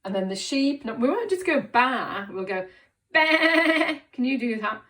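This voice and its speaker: A woman teaching a reading lesson to young children, encouraging and clear, making animal noises along the way. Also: on the high side, very animated, moderate pace. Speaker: primary school teacher.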